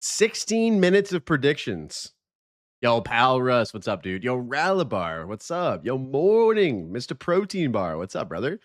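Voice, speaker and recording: A man's voice: medium pitch, big pitch swings, unhurried. A man hosting a live stream, chatting casually, greeting viewers and joking.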